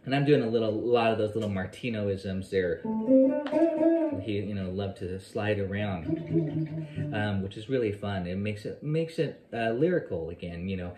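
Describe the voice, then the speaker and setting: A man's voice: on the low side, animated, moderate pace, dark tone. Man scat-singing guitar lines in a roomy lesson. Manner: scats the phrases he plays, counts beats aloud; loose, rambling explanations full of fillers. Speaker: guitar teacher. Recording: roomy sound with guitar playing behind. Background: guitar playing.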